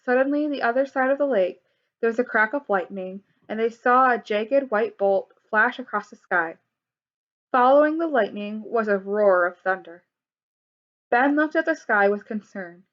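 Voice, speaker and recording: A woman's voice: on the high side, lively intonation, normal speed. Woman reading a children's story. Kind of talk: children's story read aloud. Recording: dull lo-fi recording.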